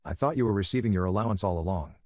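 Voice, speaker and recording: Brief: man voicing a firm, angry dad, low voice, dry close sound. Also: rapid-fire, dry recording, natural voice. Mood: stern, angry. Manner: presses with sharp questions. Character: stern middle-aged father, angry and firm.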